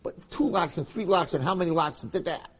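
Male rabbi, husky voice, very lively pitch, dramatic shifts from quiet to loud. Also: a little fast. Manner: animated, swings between hushed and loud passionate emphasis. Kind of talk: Torah lecture.

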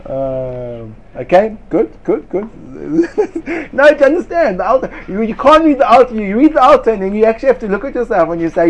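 A man giving a lively Torah class to students, sarcastic and quick to laugh at his own points. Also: sits high, lo-fi sound, a little hiss or hum. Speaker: Torah teacher.

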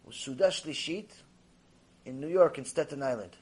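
A man giving a Torah lecture, telling stories and acting out dialogue in a lively, conversational way, mixing in Hebrew terms. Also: on the high side, normal speed, breathy edge. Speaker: rabbi lecturer.

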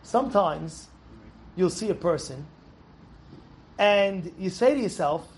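A young adult rabbi giving an animated, emphatic Torah lesson to young students, telling a story and repeating phrases for stress. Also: male voice, high voice, slow, a little hiss or hum. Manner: emphatic, repeats phrases, shouts in acted quotes.

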